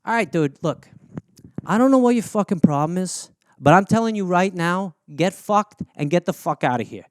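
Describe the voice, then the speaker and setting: A man's voice: sits high, animated, normal speed, smooth, no room sound, clean studio sound, pitched below the performer's own voice. A man playing a foul-mouthed, belligerent male tough guy, in a comedy bit. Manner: swearing, threatening, belligerent.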